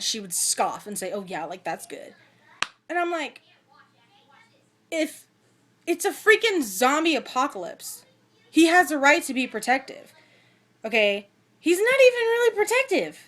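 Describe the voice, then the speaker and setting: A woman's voice: fairly high pitch, fairly bright tone. A young woman vlogger giving a chatty, ranting movie review, full of fillers and asides. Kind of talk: casual movie review rant.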